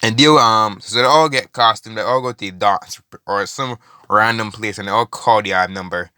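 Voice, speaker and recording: A man's voice: fairly low pitch, moderate pace, sharp tone, clean tone, no echo, clean studio sound. Rambling young man telling a story. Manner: rambling, many fillers and restarts, swears. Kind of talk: casual improvised storytelling.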